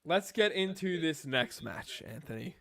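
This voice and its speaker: A man's voice: on the high side, expressive, unhurried, creaky, fairly bright tone. A young man co-hosting a wrestling review podcast, rambling and swearing in casual chat. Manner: profane, rambling, jokey. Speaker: podcast co-host.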